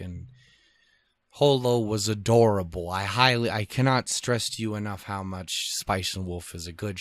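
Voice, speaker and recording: A man's voice: lowish voice, no echo. A man hosting a podcast alone, telling a rambling, profane, self-deprecating travel story in casual chat. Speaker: podcast host. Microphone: podcast microphone.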